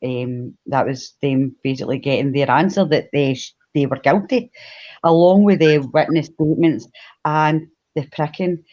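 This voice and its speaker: With a deep, warm voice, fairly even intonation and a moderate pace, a woman from Glasgow, Scotland, co-hosts a live stream. She's chatty, laughs often, greets the chat and tells a history story. The audio comes across dull.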